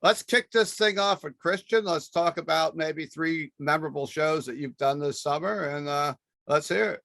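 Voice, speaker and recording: A man's voice: fairly high pitch, normal speed, creaky, a bit bright, no echo. Chatty rambling male podcast host. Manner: rambling, chatty with fillers and restarts. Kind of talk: casual panel chat.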